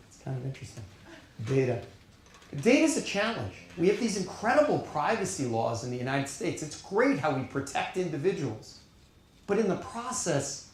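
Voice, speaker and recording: A middle-aged man with a New York accent giving an earnest, emphatic keynote speech at a conference, pausing deliberately for weight. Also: fairly high pitch. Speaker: keynote speaker. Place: conference hall on stage. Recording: echoey conference hall.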